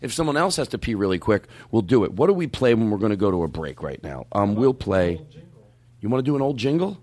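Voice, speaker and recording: A male podcast host riffing in casual comedy chat, laughing often. His pitch swings widely as he jokes, and he keeps a loose, playful back-and-forth going. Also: quick pace. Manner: lively, joking, laughs often.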